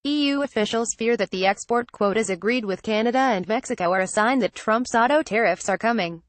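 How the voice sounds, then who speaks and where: A woman narrating a trade-policy newsletter as scripted news, with a measured, even delivery. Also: fairly high pitch, no echo.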